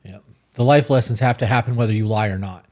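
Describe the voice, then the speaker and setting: A man's voice: on the low side, fast, a little mellow. A man co-hosting a podcast, chatting casually and bluntly, cursing freely. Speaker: podcast co-host.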